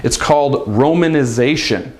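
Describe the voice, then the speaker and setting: A man's voice: medium pitch, moderate pace. A man teaching a casual video language lesson in an upbeat, chatty way.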